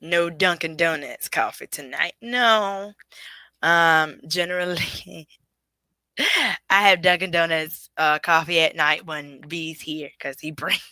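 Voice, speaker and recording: A woman's voice: sits low, takes it slowly, bright, forceful tone, no room sound. A woman hosting a solo podcast, talking straight to her listeners in an emphatic, preachy way. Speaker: podcast host.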